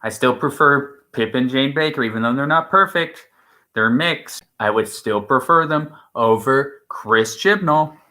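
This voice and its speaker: A man's voice: medium pitch, a little slow, bright, forceful tone. A man co-hosting a stream in casual chat, rambling and opinionated, with many restarts. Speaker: stream co-host.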